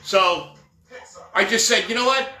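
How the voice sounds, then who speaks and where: A high-pitched, bright, forceful male voice moves a little slowly as a middle-aged man shares wandering anecdotes from working as Santa. He leans on fillers like "right?" and "whatever" and keeps drifting into asides. The recording has a roomy echo with quiet music underneath.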